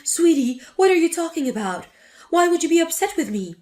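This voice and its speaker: A woman's voice: extremely high pitch, very animated, a little fast, a little mellow, soft background music. A woman voicing a spiteful, scornful older mother-in-law in a dramatic story reading. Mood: defensive. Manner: sneering, contemptuous.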